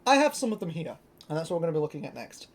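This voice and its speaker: Rapid-fire and medium-pitched, a young Briton eagerly rambles through a casual show-and-tell of collected toys, dropping in fillers constantly.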